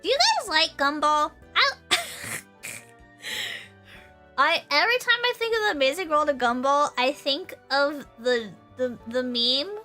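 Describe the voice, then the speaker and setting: A woman's voice: high voice, measured pace, long pauses, sharp tone, faint music behind. A young woman hosting a casual livestream chat, rambling through stories and breaking into giggles. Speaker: livestream host.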